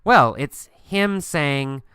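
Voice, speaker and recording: A man's voice: fairly high pitch, animated, very slow, sharp tone, smooth, dry recording, clean studio sound. A man teaching an English lesson by telling a story, asking questions and answering them himself with emphatic repetition.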